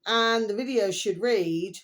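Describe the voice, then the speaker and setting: A woman's voice: medium pitch, slow, a bit bright. A middle-aged woman, chatting unrehearsed to camera in a rambling, meandering way. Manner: rambling, keeps repeating a pet phrase to viewers. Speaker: vlogger. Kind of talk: casual unrehearsed chat to camera.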